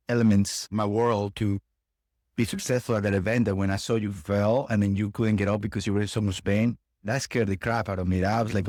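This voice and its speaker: A man talking in a casual conversation, earnest and halting as he recounts a hard event. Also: lowish voice, darkish tone, no echo, studio quality. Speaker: podcast co-host.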